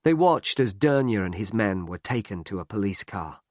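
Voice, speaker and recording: A man narrating a story aloud in a slow, clear, expressive reading. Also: fairly low pitch, no echo, studio quality.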